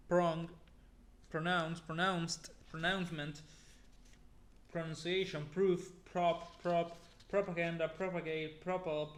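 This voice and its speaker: Slow, flat-reading man in an echoey room. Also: a little high. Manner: slow, flat word-by-word reading with exasperated asides. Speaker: youtuber. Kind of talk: reading a word list aloud.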